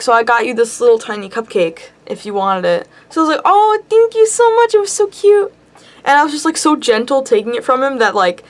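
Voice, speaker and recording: A young woman vlogger telling a rambling story to camera, giggling and squealing now and then. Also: mid-range voice.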